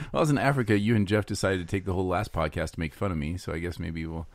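A man's voice: low voice, racing, no room sound. A man hosting a casual church podcast, teasing his co-host and laughing often, jet lagged today.

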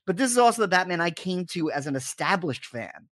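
A man in casual podcast chat, an animated storyteller who acts out the lines he quotes. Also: high voice, a little fast, no room sound, studio quality. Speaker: podcast co-host.

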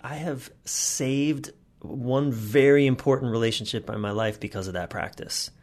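A man's voice: medium pitch, normal speed, darkish tone. A man telling personal stories in a candid, blunt way in a podcast conversation, swearing freely.

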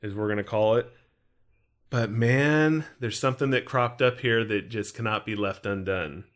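A man's voice: fairly low pitch, normal speed. A man co-hosting a podcast, talking casually and playfully about a film, with rhetorical questions. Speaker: podcast co-host.

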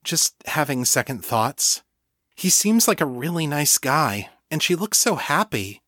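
A man's voice: a little high, big pitch swings, a little slow, pushed and bright, no room sound, clean studio sound, pitched above the performer's own voice, exaggerated voice. A man voicing a worried, determined young woman who is a psychic investigator, speaking earnestly and urgently. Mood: regretful.

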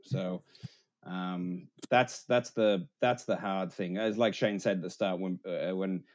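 A man from Wales with a fairly low voice talks about his brewery on a podcast. He is relaxed and chuckles easily. He often pauses to gather his thoughts, with plenty of "um" and "like". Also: lo-fi sound. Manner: laid-back, laughing, halting with fillers. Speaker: brewery co-owner guest. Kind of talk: casual podcast chat.

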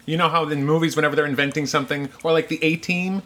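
A man's voice: on the high side, steady tone, fast talker, a bit bright. A man hosting a casual interview, asking questions with a joking manner. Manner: jokey, acts out imagined voices. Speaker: podcast host.

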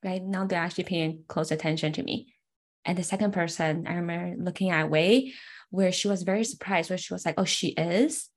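Young woman sharing a personal story, kinda low voice, earnest and heartfelt, lots of "like" and "right". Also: steady tone, brisk.

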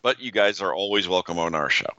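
A man's voice: sits low, animated, quick pace, pushed and bright, dry recording, dull audio. A man co-hosting a podcast, playful and wisecracking in casual banter on a close mic. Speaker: podcast co-host.

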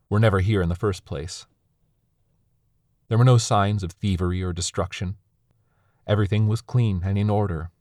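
A man reading a first-person story aloud in a measured, somber way. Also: deep voice, darkish tone, dry recording, studio quality. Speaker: narrator.

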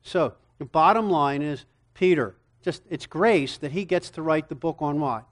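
This is a middle-aged man lecturing to counselors on a Bible book. His voice sits a bit high for a man. He moves energetically from point to point and keeps throwing rhetorical questions at the room. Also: normal speed. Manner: animated, rhetorical questions, acts out dialogue. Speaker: seminar teacher for counselors. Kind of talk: lecture-style Bible teaching.

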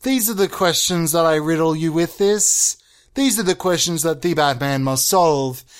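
A man with a slightly high voice holds forth in comic, mock-pompous monologues. He rambles and curses as he builds his absurd points. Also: normal speed, smooth.

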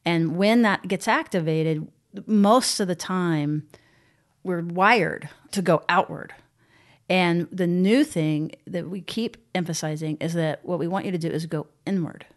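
A woman co-hosting a podcast, explaining ideas in a calm, reflective and self-critical way. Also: fairly low pitch, unhurried. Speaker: podcast co-host. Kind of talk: casual podcast conversation.

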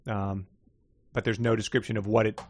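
A man's voice: fairly low pitch, little pitch movement, moderate pace, no echo. Giggly man, dry close mic. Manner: giggly, reads passages aloud with mock drama. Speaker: podcast co-host. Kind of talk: casual comedic book discussion.

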